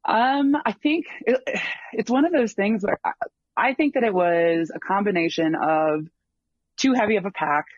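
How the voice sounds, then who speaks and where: A long-distance hiker, a guest in a casual interview, tells about his long hike at an easy, normal pace in a fairly high voice. He rambles, often stalling on ums and restarting sentences. The sound is dull, lo-fi, close and dry, with no echo or room around it.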